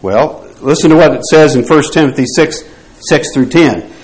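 A man's voice: a little high, normal speed, a little mellow, low-quality recording. A man teaching a Bible class, posing rhetorical questions to the group and often restarting his phrases.

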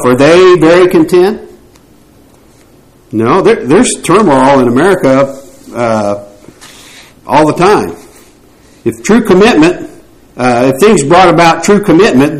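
A man's voice: on the high side, poor audio. Questioning male Bible class teacher. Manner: poses rhetorical questions to the group; restarts phrases often.

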